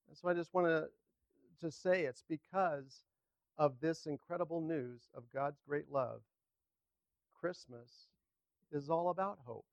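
An older man preaching a sermon as pastor, halting and repeating words as he speaks. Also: a little high, dry recording, highs cut off. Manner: halting, repeats words, leads congregation in a hymn.

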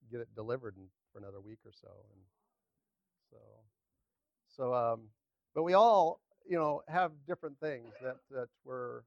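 An older man preaching a sermon as pastor, halting and repeating words as he speaks. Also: mid-range voice, creaky, no room sound, muffled recording. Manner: halting, repeats words, leads congregation in a hymn.

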